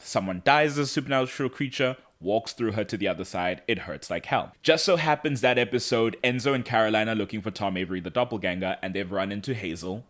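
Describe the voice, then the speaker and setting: A man co-hosting a podcast, chatting casually and comically recapping a TV episode, acting out lines. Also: on the low side. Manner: animated, acts out character lines in exaggerated voices. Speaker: podcast co-host. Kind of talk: casual comedic recap chat.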